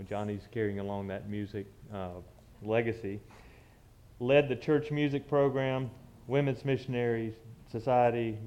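A man's voice: mid-range voice, mellow. A man, telling a personal story from the pulpit in a conversational, reminiscing way with frequent restarts. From southern United States. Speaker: church speaker.

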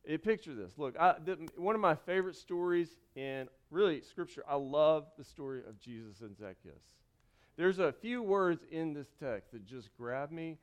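A young man preaches to his congregation in a lively, conversational way, breaking off for jokes. His voice sits high and sounds smooth and clear. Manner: animated preaching with asides and jokes. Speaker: pastor. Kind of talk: sermon.

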